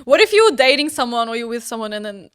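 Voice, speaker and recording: A woman's voice: fairly high pitch, big pitch swings, fast talker, a bit bright. A woman co-hosting a podcast in casual chat, frank and blunt, with casual swearing. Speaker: podcast co-host.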